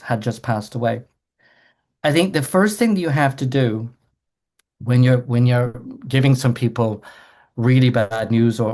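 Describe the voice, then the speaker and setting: A man's voice: mid-range voice, darkish tone. A man, a doctor, giving an earnest explanatory talk to a group, often repeating words as he restarts a sentence.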